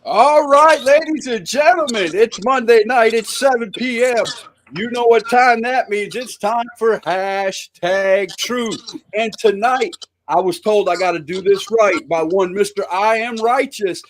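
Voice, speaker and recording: A man's voice: high voice, a little slow, slight background noise. A man hosting a live podcast interview, talking in an upbeat, hype-style way. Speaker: podcast host.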